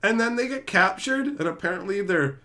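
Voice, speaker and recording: A man's voice: sits high, brisk. A man on a casual stream, ranting and acting out scenes, swearing freely and laughing as he tells it. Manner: animated, acts out scenes in put-on voices.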